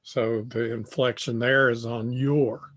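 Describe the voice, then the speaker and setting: An older man giving a tutorial lecture on communication, speaking deliberately and repeating phrases as he thinks. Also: medium pitch, little pitch movement, fairly bright tone. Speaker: tutorial presenter.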